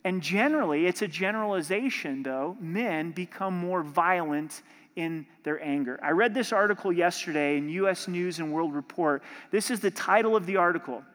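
A man preaching a sermon as pastor, impassioned and building to forceful emphasis. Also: high voice, moderate pace. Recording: long hall reverb.

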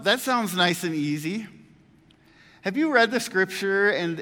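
A man giving a casual, conversational sermon as a pastor, swinging between loud emphatic lines and quiet asides. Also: fairly high pitch, big-room sound.

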